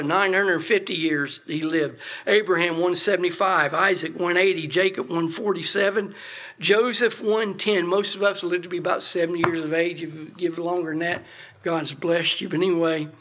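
Man, preacher, high voice, folksy emphatic sermon. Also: bright, forceful tone.

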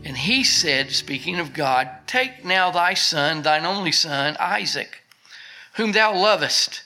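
A man preaching a sermon, reading scripture aloud with slow emphasis and then explaining it in a casual, conversational way. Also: a little high, bright, forceful tone.

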